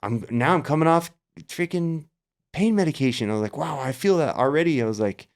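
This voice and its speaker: A man's voice: fairly high pitch, expressive, fairly quick. A middle-aged man, a podcast guest in a casual interview, telling a long story with energy and acting out his own past thoughts. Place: Las Vegas area.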